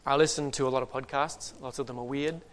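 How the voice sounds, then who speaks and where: A man's voice: medium pitch, fairly even intonation, fast. A man preaching a sermon in a conversational way, reading scripture and adding joking asides.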